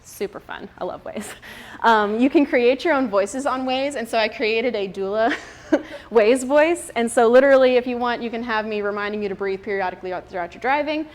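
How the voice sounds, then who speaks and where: A woman's voice: fairly high pitch, a little fast. A woman in her thirties giving a chatty talk to a group of mothers, laughing often and using many fillers. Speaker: speaker at a moms' group. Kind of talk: casual talk to an audience.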